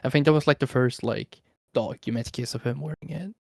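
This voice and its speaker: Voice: medium pitch, fairly quick, gravelly, no echo, studio quality. A Swedish-accented livestream guest rambling through internet lore with laughs and casual swearing, the microphone cutting in and out. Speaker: streamer guest.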